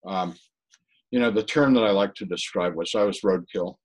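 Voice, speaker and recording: Low-voiced man telling his story haltingly. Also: rough recording. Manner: earnest, halting, many restarts. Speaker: interview guest. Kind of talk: personal testimony in conversation.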